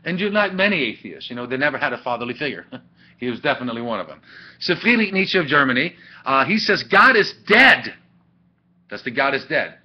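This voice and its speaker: A man teaching an ethics class in a chatty, animated way, with asides and laughs, recorded on a webcam. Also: mid-range voice, quick pace. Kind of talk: classroom lecture. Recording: dull lo-fi webcam audio.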